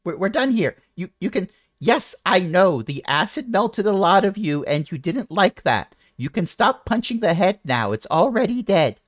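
A game master voicing an eager, hurried little kobold who chatters on. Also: medium pitch, big pitch swings, no room sound, clean studio sound, voice pushed up.

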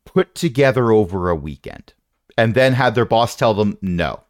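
A man's voice: lowish voice, lively intonation, normal speed, no echo, studio quality. A man narrating a tabletop game as game master, with playful, rambling descriptions and asides.

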